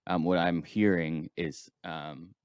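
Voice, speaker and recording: Very deep-voiced man, dry close sound. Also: takes it slowly, smooth, no room sound. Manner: relaxed, hesitant, lots of fillers like "um" and "like". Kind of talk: casual interview chat.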